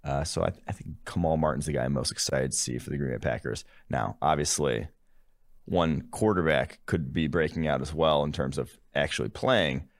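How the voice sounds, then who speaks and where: A man's voice: a bass voice, normal speed, no room sound. A man co-hosting a podcast, chatting casually about football with dry wisecracks. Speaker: podcast co-host.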